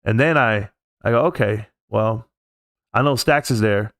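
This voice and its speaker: A man's voice: lowish voice, unhurried, a bit bright, no echo, studio quality. A man hosting a casual live stream from home, talking in a rambling, heartfelt, reflective way. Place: at home, alone.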